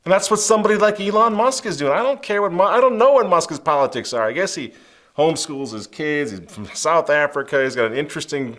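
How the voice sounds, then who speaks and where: Impassioned male show host, fairly high voice. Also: animated, quick pace. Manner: emphatic, sarcastic, swings between loud and hushed; repeated rhetorical questions. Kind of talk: impassioned political commentary.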